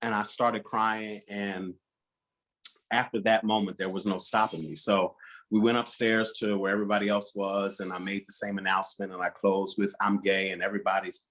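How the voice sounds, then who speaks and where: A man telling his coming out story as a guest, animated and acting out the voices of his relatives. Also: fairly low pitch, normal speed. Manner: animated, acts out quoted relatives. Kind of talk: personal storytelling.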